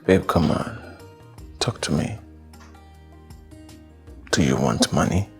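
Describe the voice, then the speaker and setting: An actor playing a doting, wealthy husband who coaxes his wife with soft, gentle talk. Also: a bass voice, animated, slow, breathy edge, faint music behind, heavily acted. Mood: tender. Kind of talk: Nollywood film acting.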